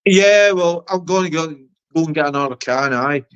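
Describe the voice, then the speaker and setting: A man's voice: fairly high pitch, moderate pace, fairly bright tone, clean tone, lo-fi sound. A Scottish man chatting over beers, a bit tipsy, rambling and swearing with lots of emphatic repetition. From Scotland. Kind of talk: casual chat over beers.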